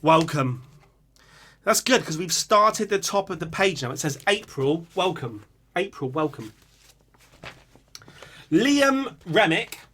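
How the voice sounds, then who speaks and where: Young man, music reaction host, sings riffs, lively pitch. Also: measured pace. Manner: sings snippets of riffs, muses aloud. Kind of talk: casual reaction commentary.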